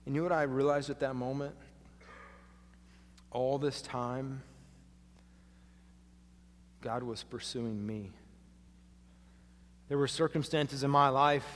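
A man's voice: mid-range voice, a little hiss or hum. Preaching man with a long hall echo. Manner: swings from hushed to loud and emphatic. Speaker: pastor. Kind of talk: sermon. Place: church sanctuary.

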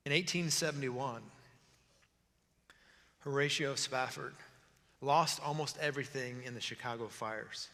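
A man preaching a sermon as pastor, often hushed and close to tears, at times lively and joking. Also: mid-range voice, big-room sound. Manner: emotional, voice breaking into tears at times; shifts between hushed intensity and lively joking.

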